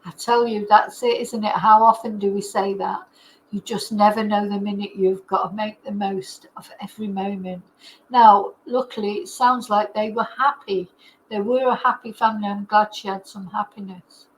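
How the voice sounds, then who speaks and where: A woman's voice: mid-range voice, steady tone, normal speed, a little hiss or hum, low-quality recording. Emotional woman reading true crime. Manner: emotional, tearful asides. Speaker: true crime channel host. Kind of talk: reading aloud and commenting.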